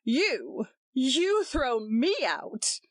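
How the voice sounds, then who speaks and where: A smug, jovial man who needles with easy irony and climbs higher when offended, as a woman reading a story puts him on. His voice swings widely in pitch. It sounds close and dry. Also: lively intonation, normal speed, no room sound, natural voice. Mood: mocking. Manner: jovial then indignant.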